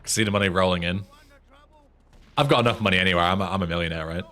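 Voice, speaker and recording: Sweary English streamer chatting. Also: male voice, deep voice, fast, bright, forceful tone. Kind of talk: casual gameplay commentary.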